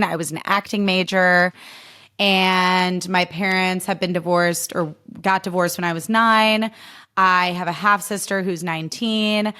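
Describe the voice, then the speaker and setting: This Illinois podcast host, a woman in her thirties, has a lowish, sharp, clean-toned voice. Her solo show is casual chat, delivered emphatically with plenty of fillers and curse words.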